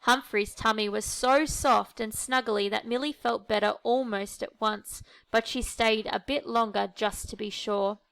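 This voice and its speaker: A woman reads a children's picture book aloud, gentle and expressive, taking her time. Her voice is bright and very clear, a little high for a woman. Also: unhurried, hardly any pauses. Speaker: storyteller.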